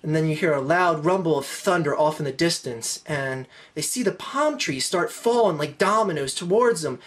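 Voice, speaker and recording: Animated woman telling a joke. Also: normal speed. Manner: animated, voices swinging high and low. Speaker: joke teller. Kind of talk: comedic joke storytelling.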